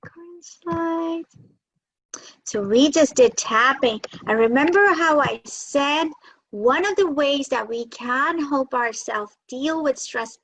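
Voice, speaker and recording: A woman's voice: sits high, takes it slowly, a bit bright. A woman leading children through tapping and breathing exercises on a video call, encouraging them and repeating affirmations for them to echo. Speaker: children's workshop leader. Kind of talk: guided tapping and breathing lesson for kids.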